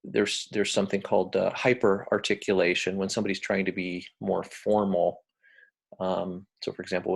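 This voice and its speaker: An American man giving a recorded lecture, talking in a relaxed, hesitant way with many ums and uhs. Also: deep voice, vocal fry, husky. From United States.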